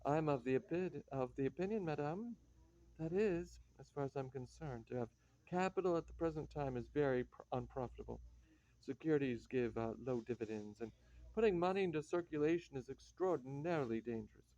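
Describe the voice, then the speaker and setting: A man voicing a pompous, halting guest who lectures a lady in a radio play, in a slightly dull dry recording. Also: mid-range voice, animated, dark tone, no echo, natural voice. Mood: lecturing. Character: pompous, long-winded male guest.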